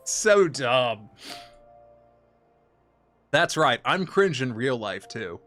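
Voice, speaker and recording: A young adult man streaming from a home setup, chatting casually and telling stories with lots of swearing and sudden excited bursts, with faint music behind him. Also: mid-range voice, drawn-out words, pauses often. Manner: profane, animated storytelling with bursts of excitement. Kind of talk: casual gaming stream chat.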